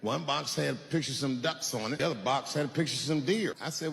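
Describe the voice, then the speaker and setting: A stand-up comedian with a mid-range, slightly bright, gravelly voice tells stories conversationally, acting out the voices of people he's met. He talks fast with lively intonation and barely pauses. The venue is reverberant, and audience noise can be heard.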